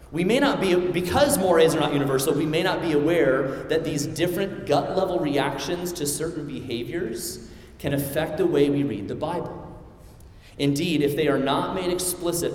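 A young man from the American Midwest with a Midwestern accent, preaching a sermon as pastor in an earnest, conversational way. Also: a little high. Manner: earnest, conversational, animated when telling stories. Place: church sanctuary. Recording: echoey hall, mic at a distance.

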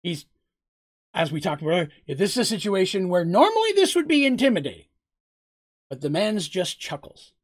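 A man's voice: high-pitched, big pitch swings, fairly quick. A man narrating a tabletop game as game master, in a loose, rambling way.

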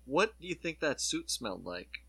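A man in casual podcast chat, excited and swearing as he retells scenes. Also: on the high side, moderate pace, creaky, husky.

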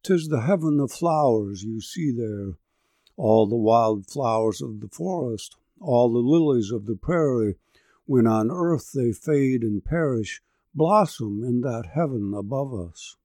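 Patient old grandma explaining things, read by a man, slow and mellow, dry close sound. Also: medium pitch, expressive, dry recording, natural voice. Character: gentle old grandmother telling lore.

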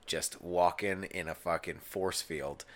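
A man's voice: deep voice, takes it slowly. A man in his thirties co-hosting a podcast, telling stories in casual, profane chat. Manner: profane, animated storyteller. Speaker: podcast co-host.

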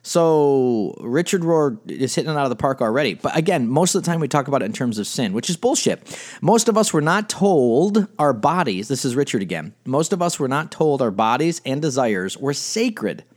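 A middle-aged man, a spiritual director and life coach, giving a blunt, animated teaching talk and reading quotes aloud. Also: medium pitch, moderate pace. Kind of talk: podcast-style teaching monologue.

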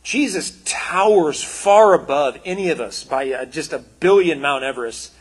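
Husky-voiced man preaching casually. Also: fairly high pitch, moderate pace. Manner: conversational, animated, with quoted asides. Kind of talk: casual sermon.

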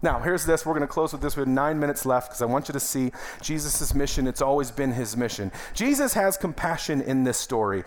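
A man's voice: medium pitch, animated, brisk, few pauses. A young adult man, a pastor, preaching a sermon in a church in a conversational, emphatic way with calls of amen. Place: church sanctuary.

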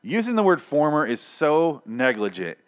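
A man's voice: fairly high pitch, big pitch swings, normal speed. A man hosting a casual comedic rant, sarcastic and exasperated, swearing often.

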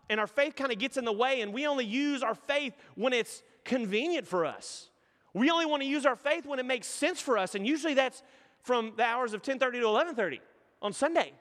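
A man in his thirties, a pastor, preaches a sermon with a very high voice that echoes as if in a big room. He tells stories animatedly and acts out the voices of the characters.

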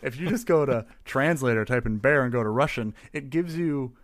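A man's voice: medium pitch, lively intonation, a little fast, dry recording. A man co-hosting a casual podcast, talking in loose, rambling sentences and laughing often. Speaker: podcast co-host. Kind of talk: casual chat.

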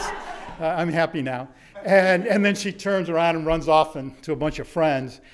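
A middle-aged man giving a storytelling speech to an audience, dramatic, dropping to a hush and then rising to shouts. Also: on the high side, slight background noise. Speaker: motivational speaker.

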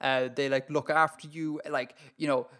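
An Irish man co-hosting a podcast in casual chat, talking in an animated, ranting way and laughing often. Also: fairly high pitch, normal speed, clear, resonant tone. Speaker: podcast co-host.

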